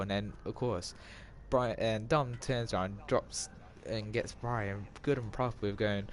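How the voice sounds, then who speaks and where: A man's voice: fairly low pitch, fairly even intonation, moderate pace, hardly any pauses. A man gives casual gameplay commentary, retelling a film in a rambling way full of restarts and asides. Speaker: gamer retelling a film while playing. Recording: loud car and game noise behind.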